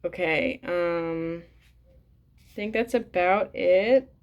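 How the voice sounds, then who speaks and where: A woman's voice: fairly low pitch, extremely slow, lo-fi sound. A woman reading a book aloud and commenting bluntly and casually, swearing often with plenty of fillers. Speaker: reader and commentator.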